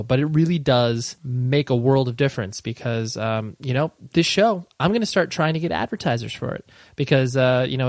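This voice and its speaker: A man in his thirties hosts his own podcast in a loose, rambling way, full of fillers and dry sarcastic asides. His voice sits at an ordinary middle pitch. It is recorded close and dry, with no room sound. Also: no room sound. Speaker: podcast host. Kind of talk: casual podcast chat.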